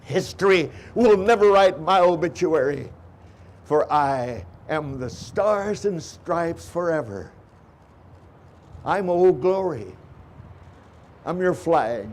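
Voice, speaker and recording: Older man, solemn measured recitation, slightly high voice, outdoor memorial ceremony. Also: lively intonation. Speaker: ceremony emcee. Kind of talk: patriotic recitation and ceremony hosting.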